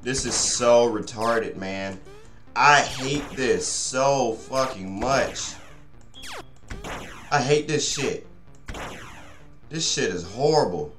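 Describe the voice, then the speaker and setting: A man's voice: mid-range voice, animated, drawn-out words, long pauses, music in the background. A young man giving let's play commentary, frustrated, swearing a lot and rambling to his viewers. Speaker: gaming channel host. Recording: echoey room.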